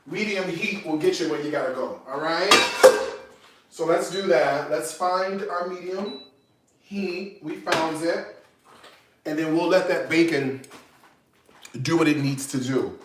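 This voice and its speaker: A man's voice: a little high, measured pace, pauses often, echoey room, heavy background noise. A man hosting a home cooking demo, chatty and playful, with teasing jokes between steps. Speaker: cooking show host. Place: home kitchen.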